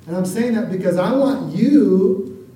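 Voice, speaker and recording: Male pastor, high and mellow voice, preaching casually, recorded far off the mic in a roomy hall. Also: a little slow. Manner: conversational, keeps asking the congregation for an amen. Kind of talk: sermon. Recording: echoey room, voice from far off the mic.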